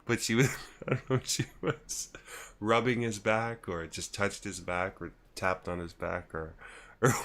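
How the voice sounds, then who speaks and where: Deep-voiced streamer telling a rambling story. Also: male voice, unhurried, fairly bright tone. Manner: rambling, laughing, with many restarts. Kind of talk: casual storytelling on a gaming livestream.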